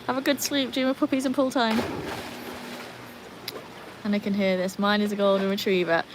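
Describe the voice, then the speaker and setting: A woman's voice: mid-range voice, normal speed, slight background noise, low-quality recording. A British woman, hosting a casual livestream from home, chatting with viewers and her dogs. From Britain. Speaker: livestream host.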